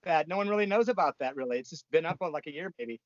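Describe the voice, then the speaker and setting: This man in his fifties talks in a blunt, profane, rambling way, full of fillers and restarts. His voice sits a bit high for a man. The sound is dry and dull, like lo-fi remote audio. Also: expressive, quick pace, no echo. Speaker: punk musician guest. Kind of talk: casual interview storytelling.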